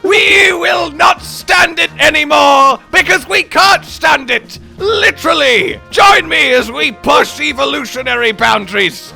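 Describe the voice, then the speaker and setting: Guy doing a shouty snake rebel leader giving a big rally speech, high and bright. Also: a little slow, gravelly, hardly any pauses, faint music behind, heavily acted. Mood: rousing, bombastic. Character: fiery male snake revolutionary leader.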